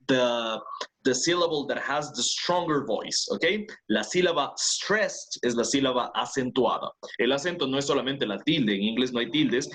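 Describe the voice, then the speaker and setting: A man's voice: medium pitch, a bit bright. Patient man teaching an online class. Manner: patient, explains step by step, checks with "¿ok?". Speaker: English teacher. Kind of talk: online class, mixing Spanish and English.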